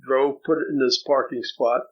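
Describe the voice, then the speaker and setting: A man's voice: mid-range voice, fairly even intonation, moderate pace, lo-fi sound. An older man from New Jersey, an interview guest telling a personal story in a reflective way, often repeating words as he starts sentences.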